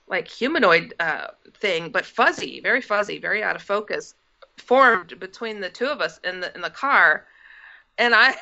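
A woman's voice: medium pitch, pushed and bright. A woman from the United States, a guest, telling a story in a casual way, acting out quoted dialogue and laughing as she goes. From United States, Milwaukee. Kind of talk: casual first-person storytelling. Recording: dull lo-fi audio.

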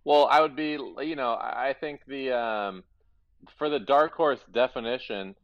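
Relaxed male co-host, dull dry sound. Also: mid-range voice, unhurried, no room sound. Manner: relaxed, hesitant with fillers. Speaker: tennis podcast co-host. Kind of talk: casual sports chat.

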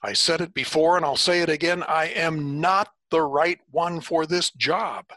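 A man voicing a frightened young shepherd who stammers and protests in a high, strained voice. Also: unhurried, pushed and bright, no echo. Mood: angry. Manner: high, panicky, stuttering protests. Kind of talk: dramatic storytelling.

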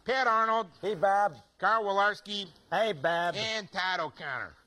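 A man playing loud Chicago sports superfans with a Chicago accent, in a clip from a comedy sketch. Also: sits high, a little slow, noisy background, pitched above the performer's own voice. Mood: boisterous. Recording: clip played from an old TV sketch.

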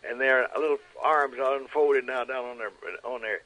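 A man in his nineties telling stories as an interview guest, animated and acting out quotes. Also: medium pitch, normal speed, rough recording. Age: 90s. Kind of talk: storytelling interview.

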